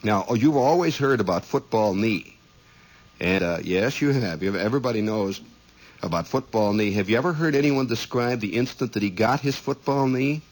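A man's voice: on the low side, animated, moderate pace, rough recording. A middle-aged man telling rambling, folksy stories as a radio host, acting out voices and exclamations. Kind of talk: rambling storytelling monologue.

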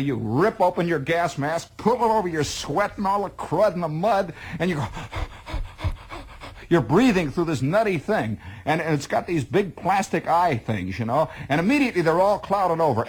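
A man with a high, breathy voice tells a spoken monologue in a wry, exaggerating way. As the storyteller goes, he piles on details and frequently repeats words.

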